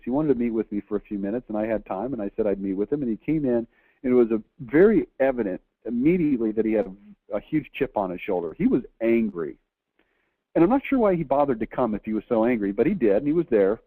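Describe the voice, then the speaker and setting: A man's voice: medium pitch, lively intonation, quick pace, dry recording. A man in his forties telling a motivational story as a business coach, emphatic and given to repeating phrases for effect. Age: 40s. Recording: dry, tinny phone-like sound.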